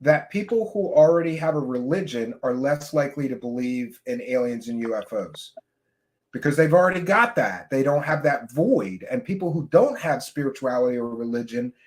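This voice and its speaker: A man hosting a podcast in casual chat, animated, often jumping into loud quoted voices. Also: mid-range voice, normal speed. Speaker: podcast host.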